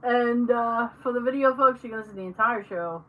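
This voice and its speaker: A podcast host chats casually, telling stories as an animated storyteller who acts out what family members said. Her voice is a little high and fairly quick, and the recording quality is low.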